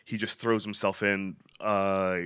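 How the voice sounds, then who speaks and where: A man's voice: fairly low pitch, level tone, takes it slowly, fairly bright tone, clean tone, no echo, studio quality. A man co-hosting a podcast, asking eager, long-winded questions in a casual interview and restarting his sentences often. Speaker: podcast co-host.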